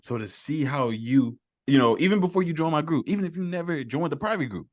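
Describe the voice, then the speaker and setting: Lively, emphatic male host. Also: on the high side, fairly quick, dry recording. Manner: emphatic and encouraging. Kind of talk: casual conversation.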